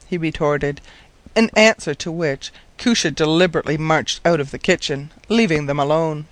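A man narrating a storybook in a measured, wry manner, his voice sitting slightly higher than most men's. The recording is dry and close, with no room sound. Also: no echo. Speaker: audiobook narrator. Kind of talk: scripted narration.

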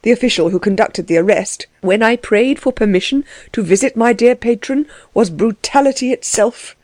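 A woman's voice: on the high side, normal speed, a little mellow, no room sound, natural voice. A woman reading the part of a tearful, distraught older male servant, pleading and anxious, with a dry close sound. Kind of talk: audiobook character reading.

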